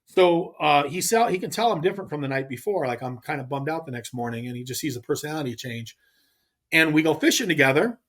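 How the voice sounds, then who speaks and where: A middle-aged man from California, a podcast guest telling a fishing story in a casual, animated way with frequent restarts. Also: on the high side, quick pace. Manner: animated, acts out others' lines, frequent restarts. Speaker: podcast guest, pro angler.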